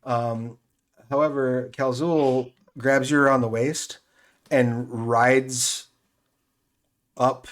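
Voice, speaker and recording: A man's voice: medium pitch, steady tone, drawn-out words, long pauses. Game master, male, easygoing, laughs a lot while narrating a tabletop session. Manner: laughs often, many fillers.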